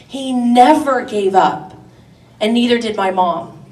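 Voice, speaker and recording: A woman's voice: on the high side, animated, takes it slowly, a little mellow. A middle-aged woman preaching to a women's gathering, passionate and rising to emphatic declarations. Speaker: women's event speaker. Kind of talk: sermon. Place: church hall. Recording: echoey church room, distant mic.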